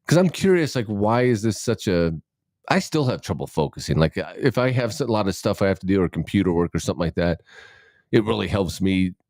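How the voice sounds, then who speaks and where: Low-voiced man in rambling podcast chat. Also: animated, fairly quick, a little mellow, no echo, clean studio sound. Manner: rambling, self-interrupting, swears freely. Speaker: podcast co-host. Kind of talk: casual chat.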